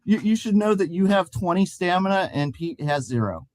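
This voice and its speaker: Lively man running a tabletop game. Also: sits high, normal speed, no echo. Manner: lively, swearing, laughs often. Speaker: game master. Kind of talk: casual podcast game running.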